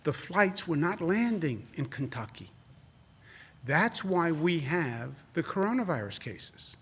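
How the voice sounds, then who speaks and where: A New York man in his sixties, a governor, fields reporters' questions at a press briefing, combative and repeating phrases for emphasis. His husky voice is a little high and fairly bright, very animated yet measured in pace.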